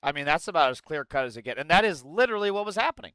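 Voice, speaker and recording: A man with a bright, crisp voice comments on a live stream. He talks bluntly and swears freely while reacting to a clip and reading chat messages aloud. The sound is dry and close. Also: fairly high pitch, sing-song, rapid-fire, no echo.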